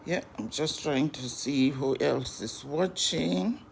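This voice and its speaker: A hoarse woman, a life coach greeting viewers over and over on a live-stream talk to an online group. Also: sits low, slow, a little hiss or hum. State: hoarse, sore throat.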